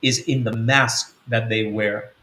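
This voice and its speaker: A man's voice: medium pitch, steady tone, measured pace, bright, forceful tone, reverberant. A man giving a spiritual teaching talk as an apostle. He speaks earnestly and repeats his points. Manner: earnest, repetitive, acts out quotes.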